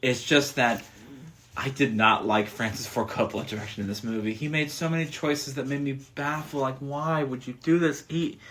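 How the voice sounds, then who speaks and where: A man co-hosting a casual podcast, giving animated, opinionated movie reviews and laughing easily. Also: on the high side. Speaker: podcast co-host.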